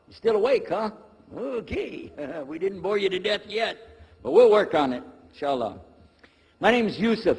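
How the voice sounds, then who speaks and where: A man's voice: high voice, big pitch swings, moderate pace, breathy edge, big-room sound. A man giving a lecture to a live audience, joking and talking in a folksy, conversational way. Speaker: Islamic lecturer.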